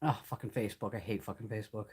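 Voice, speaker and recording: A woman's voice: rumbling low, steady tone, very fast, a little mellow, breathy edge. A middle-aged woman chatting on her livestream, ranting bluntly with lots of swearing and laughter as she reads comments. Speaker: beauty livestream host. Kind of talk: casual chat while reading live comments.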